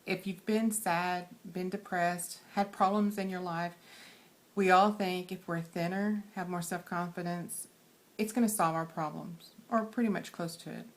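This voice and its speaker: Woman, Texan accent, casual advice vlog, soft-spoken and earnest, lots of ums, slightly low voice. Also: steady tone, measured pace. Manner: quiet and shy. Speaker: weight loss surgery vlogger.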